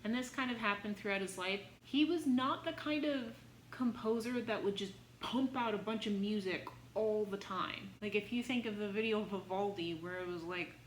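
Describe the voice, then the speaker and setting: A woman's voice: medium pitch, moderate pace, hardly any pauses, roomy sound, slight background noise, rough recording. A woman music teacher telling a composer's story in a chatty, playful way, with dramatic exclaimed punchlines. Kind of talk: casual educational storytelling.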